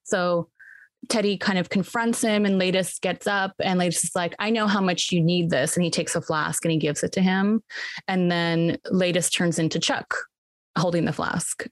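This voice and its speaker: A woman's voice: lowish voice, steady tone, moderate pace, dry recording. A woman retelling a movie's plot to friends in a casual chat, acting out the characters' lines and filling her talk with "like" and "um.". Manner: retells scenes with quoted voices, lots of "like" and "um". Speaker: movie recapper.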